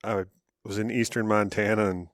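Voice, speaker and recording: A man co-hosting a podcast, telling a story in a relaxed, self-deprecating way and chuckling between phrases. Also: on the low side, normal speed, dry recording, clean studio sound. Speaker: podcast co-host. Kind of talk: casual chat.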